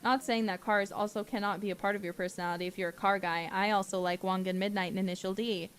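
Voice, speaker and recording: A woman streamer in casual chat, her medium-pitched voice ranting with exasperation. Faint music sits behind her. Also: fairly even intonation, fast talker, smooth.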